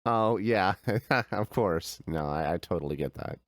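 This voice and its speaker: Easygoing low-voiced male streamer. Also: lively intonation, a little slow, no room sound, studio quality. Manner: easygoing, chatty, answers chat with frequent laughs. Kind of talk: casual gameplay chat.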